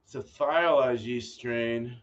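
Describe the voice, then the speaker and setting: A casual homebrewer man talks through his choices, distracted and swearing now and then as he thinks aloud. He sits a bit back from a dull, lo-fi microphone. His voice is middle-pitched. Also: slow pace, slight background noise. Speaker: homebrewer and channel host. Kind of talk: casual rambling vlog talk. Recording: dull lo-fi audio from a distance.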